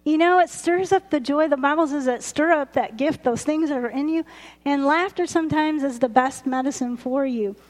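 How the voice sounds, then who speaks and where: A woman preaching a lively, chatty sermon, laughing often. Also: high-pitched, moderate pace. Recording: roomy hall reverb.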